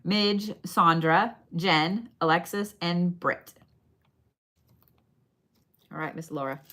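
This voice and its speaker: A woman's voice: on the low side, takes it slowly, pushed and bright. A woman giving bone readings on a live stream in a casual, chatty way, swearing now and then and talking straight to her viewers. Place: her shop.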